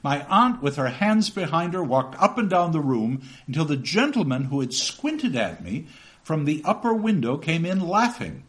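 A man's voice: on the high side, very animated, normal speed. A man lecturing on a novel and reading passages aloud, with chatty asides that end in "okay?".

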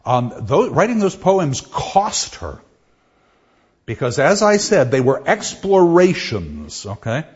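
A man giving a classroom lecture on poetry, enthusiastic and halting, with many restarts. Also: fairly high pitch, big pitch swings, darkish tone, dull audio. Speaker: literature lecturer.

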